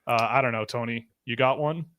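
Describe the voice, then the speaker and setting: A man's voice: mid-range voice, fairly quick, smooth, no echo, muffled recording. Joking British man hosting a live chat. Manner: joking, laughs often, reads chat questions aloud. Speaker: podcast host. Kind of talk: casual live-stream chat.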